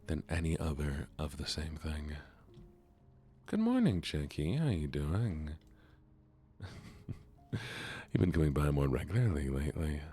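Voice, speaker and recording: A man streaming a game in a soft-spoken way, chatting with his viewers in a relaxed manner. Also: very deep voice.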